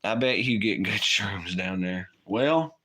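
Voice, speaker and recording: Bright-voiced, profane man on a livestream. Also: lowish voice, slow pace, slightly rough. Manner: rambling, profane, laughs often. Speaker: livestream co-host. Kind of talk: casual late-night chat.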